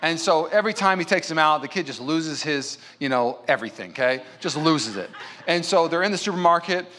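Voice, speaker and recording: A male pastor preaches to a congregation in an emphatic, conversational way, weaving in stories. His voice is bright and forceful, sitting a little high for a man, and he talks to the room as if to friends. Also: expressive, fairly quick, slight background noise. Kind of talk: sermon. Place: church in front of a congregation.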